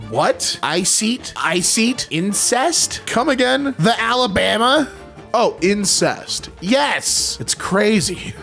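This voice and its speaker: Animated young man reacting to posts. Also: high voice. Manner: animated, jokey, mock-confused readings. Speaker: reaction commentator. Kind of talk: reading posts aloud and reacting.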